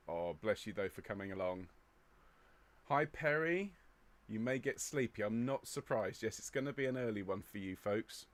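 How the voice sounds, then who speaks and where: Upbeat English man greeting viewers. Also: fairly low pitch. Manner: chatty, upbeat, reads out comments. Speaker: choir leader hosting a live stream. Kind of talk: casual live-stream chat greeting viewers. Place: indoor room overlooking a square.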